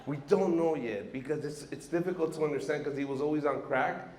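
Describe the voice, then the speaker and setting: A man from Mexico doing a stand-up comedy set on a stage, telling animated stories and acting out the characters in them. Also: on the high side, brisk. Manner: animated storytelling, acts out characters, laughs between bits. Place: stage at a live venue. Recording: roomy live venue sound.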